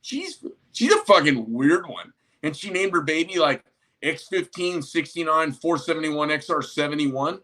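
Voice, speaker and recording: A man's voice: fairly high pitch, animated, normal speed, sharp tone. A man who owns a small knife company, ranting casually with lots of profanity and rambling asides. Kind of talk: casual rant to camera.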